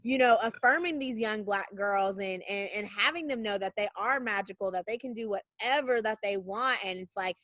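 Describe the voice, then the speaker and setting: Woman, podcast host, enthusiastic, repeats for emphasis, mid pitch, dry video-call sound. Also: moderate pace, few pauses, fairly bright tone, dry recording. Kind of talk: casual video-call interview.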